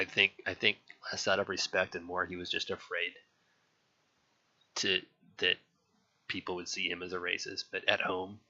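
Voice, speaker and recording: A man's voice: low voice, pushed and bright. A young man frankly recalling his childhood in a rambling, casual way, with many restarts and some swearing. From California. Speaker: interviewee. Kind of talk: casual personal recollection. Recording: dull lo-fi sound.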